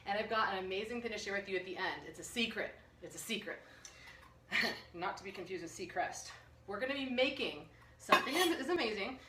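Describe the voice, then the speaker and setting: A woman's voice: on the high side, a bit bright, reverberant, far from the mic, a little hiss or hum. A woman nutritionist hosting a live online health workshop, bubbly, jokey and full of energy. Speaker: nutritionist host. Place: room under bright lights.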